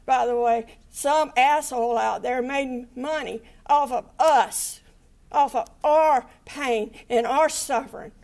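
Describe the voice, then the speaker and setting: An older woman, a victim's family member, gives an angry, impassioned impact statement in a courtroom, swearing as her voice breaks into tears. Her voice is high-pitched, slow, and a little mellow.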